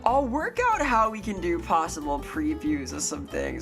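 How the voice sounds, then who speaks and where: A young adult woman streaming live, chatting casually with viewers and getting excitable and sweary when thanking them. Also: lowish voice, measured pace. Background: faint music.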